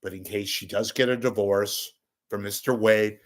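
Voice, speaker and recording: A man's voice: on the low side, expressive, moderate pace. A man delivering an angry, profane ranting monologue as a local media commentator.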